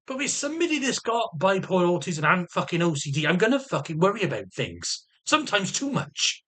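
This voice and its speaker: A man rants through a personal update in a somewhat high, bright and tense voice. He swears in almost every line, restarts and repeats himself, and his pitch swings widely as he grows defensive and agitated. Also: big pitch swings, brisk, few pauses. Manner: swears constantly, rambling and repetitive. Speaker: vlogger. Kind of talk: ranting personal health update.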